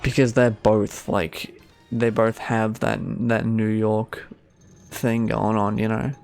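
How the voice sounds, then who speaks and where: A man's voice: on the low side, level tone, takes it slowly, vocal fry, a little mellow, soft background music. A young Australian man streaming a game, rambling sarcastically with many fillers. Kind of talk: casual gaming commentary.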